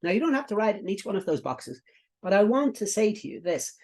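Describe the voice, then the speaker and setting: A man's voice: sits high, very animated, fast talker, darkish tone. A middle-aged man walks viewers through a coaching lesson. He talks in a chatty, instructive way, piling up repetitions, fillers and asides. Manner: instructive, repeats himself, many fillers and asides. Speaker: business coach.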